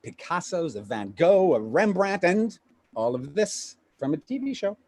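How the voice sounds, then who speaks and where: An actor playing a pushy, fast-talking male Hollywood agent in a live play reading over a video call, with rapid, stammering sales patter. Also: fairly high pitch, big pitch swings, darkish tone, dry recording. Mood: salesy. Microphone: home computer mic on a video call.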